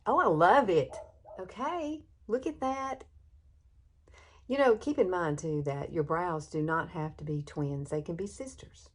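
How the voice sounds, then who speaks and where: A woman's voice: deep voice, a little hiss or hum. A woman in her sixties talking through a makeup tutorial at home in a chatty, folksy way, her voice leaping up for emphasis. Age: 60s. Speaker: beauty vlogger.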